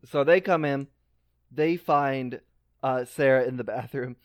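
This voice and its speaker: A man's voice: mid-range voice, a little slow, no room sound. A man co-hosting a casual film podcast, blunt and joking, swearing casually. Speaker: podcast co-host.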